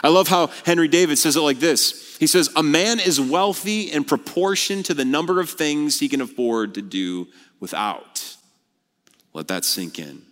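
A man preaching a sermon as a pastor, animated and blunt, mixing scripture with casual slang. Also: a little high, normal speed, big-room sound.

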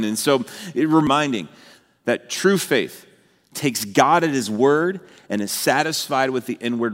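A man preaching a sermon in an earnest way, building to emphatic repeated phrases. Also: medium pitch. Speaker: pastor. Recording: long hall reverb.

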